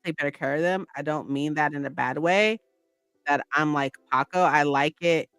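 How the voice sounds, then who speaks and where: Gushing woman with a bright, close voice. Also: sits low, moderate pace, clear, resonant tone, dry recording, faint music behind. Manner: gushing, rambling, many "like"s and "right?". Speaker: streamer. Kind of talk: casual livestream chat.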